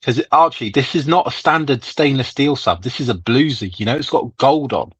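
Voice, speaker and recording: A man's voice: mid-range voice, normal speed, husky, no room sound. Teasing man on a dull, dry stream mic. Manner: teasing, profane, emphatic. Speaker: livestream co-host. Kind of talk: casual chat. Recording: slightly dull dry sound.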